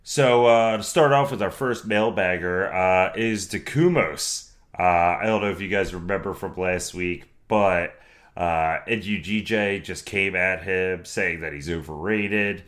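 Man, podcast host, fairly low voice, easygoing chat. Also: a little slow, fairly bright tone. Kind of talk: casual chat.

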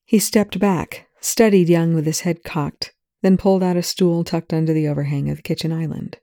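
A narrator reading fan fiction aloud with a slight lisp, measured and even. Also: mid-range voice, no room sound, studio quality.

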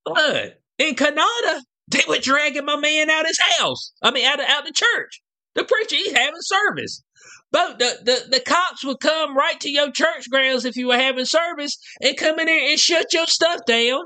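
A man's voice: very high voice, lively intonation, normal speed, sharp tone. A man giving a casual, slang-heavy commentary rant as a vlogger, full of rhetorical asides and check-ins with his viewers. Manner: slangy, rhetorical, keeps asking "you know what I'm saying".

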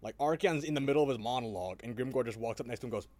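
A man's voice: medium pitch, very fast, a crowd in the background. A man co-hosting a podcast in casual chat, swearing freely and laughing often as he talks. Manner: profane, animated, laughs often. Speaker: podcast co-host.

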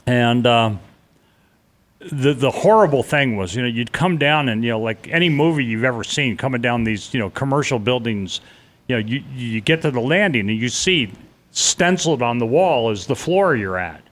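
A middle-aged man tells his story in earnest, halting conversation. He stumbles and restarts mid-sentence and slips into the voices of the people he remembers. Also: medium pitch, expressive, a bit bright. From New York. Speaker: interviewee recounting a disaster escape.

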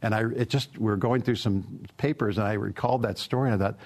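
A middle-aged man with a gravelly voice, an automotive executive answering interview questions in an easygoing, anecdotal way with plenty of fillers. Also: fairly low pitch, steady tone, quick pace, hardly any pauses, darkish tone.

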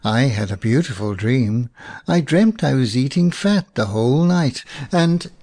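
A man's voice: mid-range voice, lively intonation, a little slow, warm tone. A man voicing a greedy female hyena who chatters in a wheedling way. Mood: dreamy.

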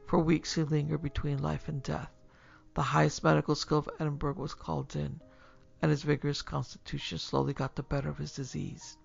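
A man narrating a story in a steady, measured reading voice, with a gravelly quality. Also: on the high side. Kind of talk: scripted audiobook narration. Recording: slightly muffled with faint music.

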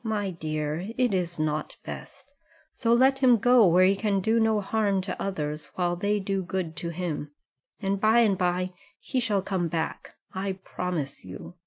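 A woman reading the part of a firm, kindly older male schoolmaster in a storybook, speaking in a steady, measured way. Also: mid-range voice.

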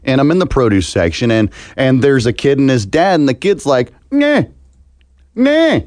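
Animated, foul-mouthed man on a podcast. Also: mid-range voice, fairly quick, dry recording. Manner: animated storyteller, swears freely, drops into silly voices. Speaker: podcast co-host. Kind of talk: casual chat.

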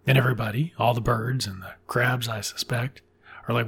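A man with a gravelly, deeply husky voice recaps a classic tale in a loose, offhand way. He is sardonic and irreverent, dropping swear words freely. His pitch sits in an ordinary middle range. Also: steady tone, a little fast, a bit bright. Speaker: storyteller. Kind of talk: casual profane retelling of a classic story.

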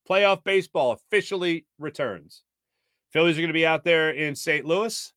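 A man's voice: on the high side, moderate pace, a bit bright, no echo, clean studio sound. A man hosting a sports talk show, chatting casually with lots of fillers while reading viewer comments. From United States.

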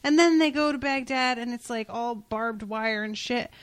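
Woman host, casual chat, animated, casual swearing, dry sound. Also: fairly high pitch, moderate pace, smooth, dry recording. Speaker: podcast host. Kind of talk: casual chat, retelling a comic.

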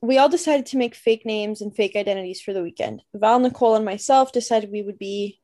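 Mellow-voiced young woman telling party stories. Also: mid-range voice, a little fast. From Canada. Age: young adult. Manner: chatty, lively, lots of "like" fillers. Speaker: podcast co-host. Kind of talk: casual storytelling chat.

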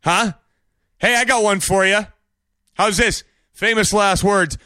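Man, high voice, dry close sound, sarcastic commentary host, mocking rhetorical questions. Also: normal speed, no room sound. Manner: bursts into exaggerated shouted impressions. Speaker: podcast host. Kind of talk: opinionated commentary monologue.

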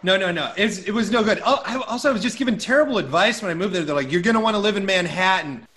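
A male comedian talks in a halting way, often breaking off and starting again, with casual swearing. His voice is high for a man, with a bright, tense edge. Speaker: stand-up comedian. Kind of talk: casual chat.

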